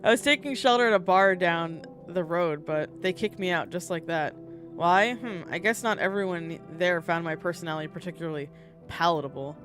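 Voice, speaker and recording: A woman's voice: lowish voice, normal speed, fairly bright tone, close to an everyday voice. A woman voicing a mysterious stranger asking to be let in, in a genteel, wordy and mildly menacing manner, with faint music behind. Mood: pleading, courteous. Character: mysterious stranger begging shelter at the door.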